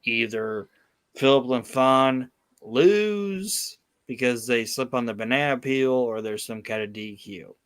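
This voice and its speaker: A male podcast host tells a story in swearing, emphatic casual chat. His voice sits at an ordinary middle pitch, and the recording is dry and close. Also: slow, a bit bright, clean tone, no echo.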